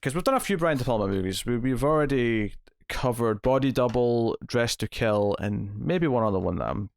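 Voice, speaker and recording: A man's voice: mid-range voice, expressive, normal speed, vocal fry, no room sound. A man hosting a casual movie review podcast, rambling and correcting himself as he talks, often breaking into a laugh. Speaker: podcast host.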